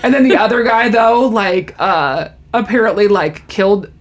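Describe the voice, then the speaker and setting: A woman's voice: mid-range voice, expressive, normal speed. A woman co-hosting a casual chat, animatedly retelling a sitcom episode and acting out the characters' lines.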